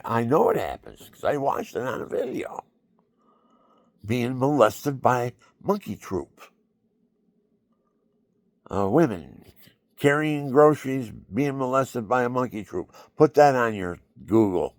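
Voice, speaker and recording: A man's voice: mid-range voice, expressive, slow, gravelly, pauses often, no room sound, studio quality. A man talking in a rambling, repetitive monologue, now and then acting out other people's voices.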